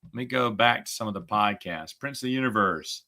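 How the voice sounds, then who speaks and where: A middle-aged man in casual chat, a podcast host who talks in a sarcastic, chatty way and gets animated when retelling a story. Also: lowish voice, a little fast.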